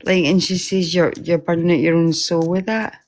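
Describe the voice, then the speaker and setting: A woman talking in a casual, rambling way about a spiritual encounter, emotional and quick to laugh. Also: on the low side, flat delivery, darkish tone. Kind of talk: casual chat.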